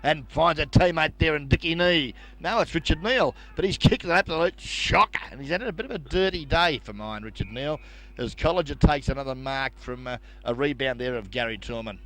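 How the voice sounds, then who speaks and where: A man's voice: fairly high pitch, a little fast, a bit bright. An Australian man co-commentating a country football match, chatty and opinionated about the play.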